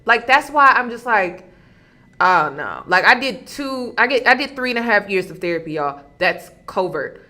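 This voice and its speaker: A woman's voice: on the high side, sharp tone. A woman hosting a reaction commentary, emphatic and exasperated, often turning to her viewers. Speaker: commentary host.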